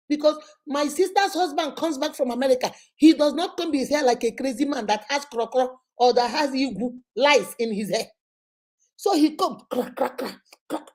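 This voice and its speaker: A Nigerian woman hosting a vlog, telling a personal story in an animated, conversational way. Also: high-pitched, moderate pace. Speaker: vlog host.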